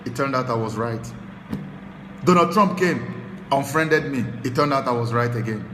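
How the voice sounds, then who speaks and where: A Nigerian man delivers impassioned political commentary as a show host, dropping to low muttering and then rising into shouted tirades. His voice is bright and sharp, and it rings with a long reverb in a roomy space. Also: normal speed, a little hiss or hum.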